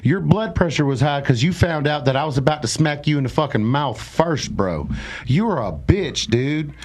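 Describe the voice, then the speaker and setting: A man's voice: on the high side, expressive, moderate pace. A man, a slap fighter, trash-talking in casual, profane podcast chat.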